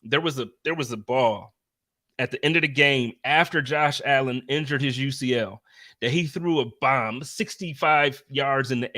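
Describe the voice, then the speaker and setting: A man with a bright, forceful voice hosts a casual sports talk show. He talks with lively emphasis, building his points with repeated phrases and quick asides. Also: mid-range voice. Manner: energetic, animated, emphatic. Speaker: podcast host.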